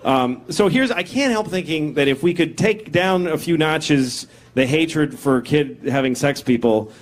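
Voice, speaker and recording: A man in his forties doing a stand-up routine, deadpan and self-deprecating, acting out other voices. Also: fairly high pitch, measured pace. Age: 40s. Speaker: stand-up comedian. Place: stage before a laughing audience.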